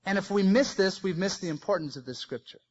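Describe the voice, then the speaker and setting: A man preaching a sermon, swinging between loud emphasis and soft, quiet phrases. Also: sits high, fast, breathy edge, muffled recording. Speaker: pastor.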